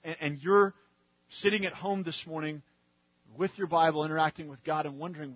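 A man preaching an expository sermon in a conversational way, checking in with the congregation and building to louder emphasis. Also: on the high side, fairly even intonation, fairly quick, dry recording, lo-fi sound. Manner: conversational, often checks in with "all right?" and "right?"; grows louder and more emphatic as he goes. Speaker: pastor.

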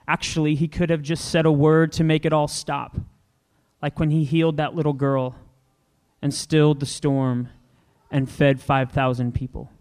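Slow, solemn male storyteller. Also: a little high, darkish tone. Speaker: reader. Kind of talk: dramatic scripture reading.

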